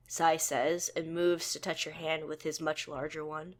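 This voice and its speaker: A woman reading a second-person fanfic as narrator in a plain, even storytelling manner. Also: sits low, a little slow, few pauses.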